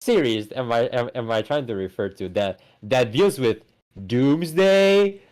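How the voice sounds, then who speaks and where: A man's voice: mid-range voice, a little slow. Podcast dude ranting about movies, swings up and down a lot, trips over his words. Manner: animated, stammering restarts, swears. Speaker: podcast co-host. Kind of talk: casual chat.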